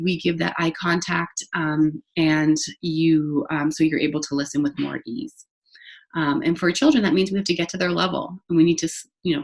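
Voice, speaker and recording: Woman giving a chatty staff training. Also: lowish voice. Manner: conversational, many fillers and restarts. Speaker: early childhood trainer. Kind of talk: recorded staff training talk. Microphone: facing the camera.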